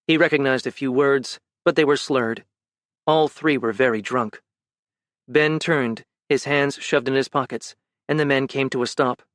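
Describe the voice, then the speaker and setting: A man reading fantasy fiction as an audiobook narrator, measured and even. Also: mid-range voice, dry recording, studio quality.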